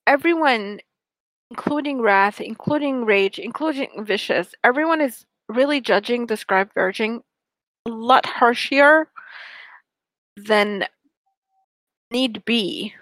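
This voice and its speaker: Animated young woman retelling a story. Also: fairly high pitch, takes it slowly, pauses often, no room sound, rough recording. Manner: animated storyteller, frequent restarts and fillers. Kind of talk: casual chat retelling a book plot.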